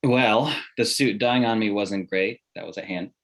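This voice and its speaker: A man's voice: fairly low pitch, normal speed, natural voice. A man reading a smug, oblivious young billionaire in a comedy table read. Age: late 20s.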